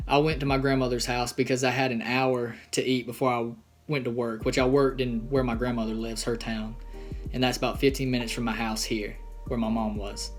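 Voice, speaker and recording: Earnest young man telling his story. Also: mid-range voice. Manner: earnest, halting storytelling with many pauses. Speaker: vlogger. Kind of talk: personal testimony vlog.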